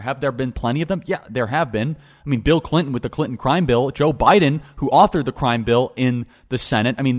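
A young man hosting a political talk show, speaking emphatically and repeating phrases for stress. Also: medium pitch. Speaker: podcast host.

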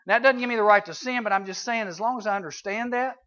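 A man preaching a conversational sermon to junior high students, swinging between loud and hushed, on a dull lo-fi recording. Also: quick pace. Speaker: youth preacher.

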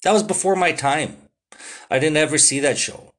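A young man hosting his podcast, talking casually and excitedly, full of swearing and "dude" and "like". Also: fairly high pitch. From Canada. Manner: profane, excitable, drawn-out "dude" and "like" fillers. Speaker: podcast host. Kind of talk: casual solo podcast monologue.

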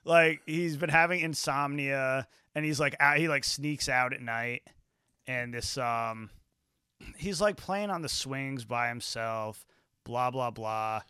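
A man hosting a podcast in casual chat, swearing freely and acting out scenes with quick quoted voices. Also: medium pitch, pushed and bright, clear, resonant tone, no echo, studio quality. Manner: profane, rambling, acts out scenes in quotes. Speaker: podcast host.

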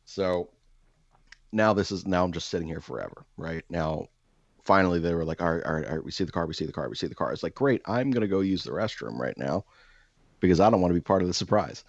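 A man with a low voice tells a rambling, self-deprecating comic story and keeps jumping into overdone voices for the people in it. The sound is dull and dry, with no room tone. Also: expressive, quick pace, creaky, no room sound.

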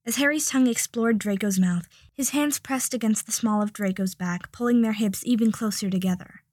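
A woman narrating a romance story aloud in an even, soft manner. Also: medium pitch, a little fast, no room sound, clean studio sound. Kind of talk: audiobook reading.

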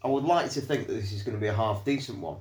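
A man's voice: on the low side, fast, darkish tone. A man co-hosting a beer podcast, chatting with dry, wry humour. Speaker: podcast co-host. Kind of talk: casual chat. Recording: roomy echo.

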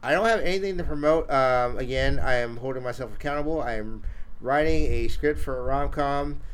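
A man's voice: medium pitch, brisk, smooth. A man hosting a podcast in casual chat, rambling with fillers and restarts. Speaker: podcast host.

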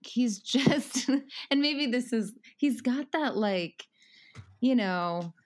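A woman's voice: fairly high pitch, expressive, extremely slow. A woman in her thirties talking casually as a podcast guest, rambling with many fillers and frequent laughs.

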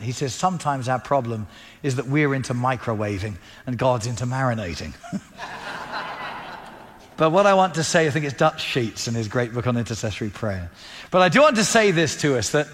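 A man's voice: mid-range voice, fairly bright tone, big-room sound. A man preaching a sermon, telling a story with animation and acting out the dialogue.

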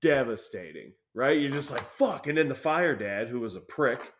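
A man's voice: mid-range voice, lively intonation, moderate pace, a bit bright, a little hiss or hum. A young man telling a rambling, profanity-filled story in casual chat as a podcast co-host.

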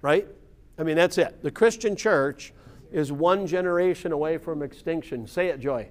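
A man's voice: a little high, normal speed. A man leading an informal Bible study class, explaining scripture conversationally and often checking in with the group. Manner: conversational, keeps checking in with "right?" and "yeah".

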